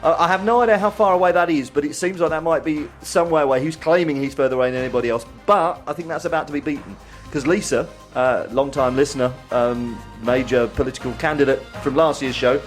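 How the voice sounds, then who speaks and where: Hesitant radio co-host reading messages. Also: male voice, on the high side, quick pace, few pauses, faint music behind. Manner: hesitant, many ums and uhs. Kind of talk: casual chat reading listener messages.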